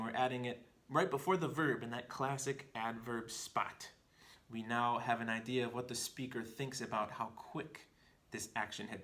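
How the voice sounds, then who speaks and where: Bright-voiced man teaching a language lesson. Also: medium pitch. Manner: clear, methodical, explaining step by step. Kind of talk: scripted explanatory lesson.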